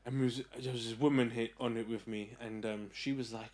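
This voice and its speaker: A man's voice: medium pitch, little pitch movement, fairly quick, a little mellow. A man co-hosting a podcast, telling a joking anecdote between laughs. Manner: laughing storyteller, jokey. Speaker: podcast co-host.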